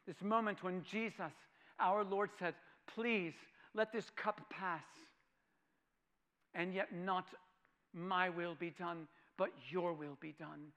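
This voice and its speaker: A man delivers a sermon in a high, ringing voice. He asks his hearers questions and repeats key phrases for weight. His delivery moves between hushed, almost whispered lines and loud, bright proclamation. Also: fairly even intonation, takes it slowly. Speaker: preacher.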